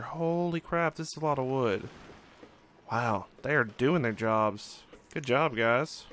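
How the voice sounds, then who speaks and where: A man's voice: medium pitch, a bit bright, slight background noise. A young man casually commenting on his own gameplay, musing and thinking aloud with frequent fillers. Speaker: let's play host.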